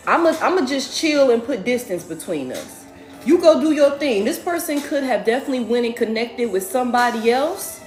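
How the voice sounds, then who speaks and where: A high-voiced woman with a very animated, swooping delivery, reading tarot cards for her online audience. She talks in a casual, profane, chatty way. Her voice rings in an echoey room with faint music underneath. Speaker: tarot reader.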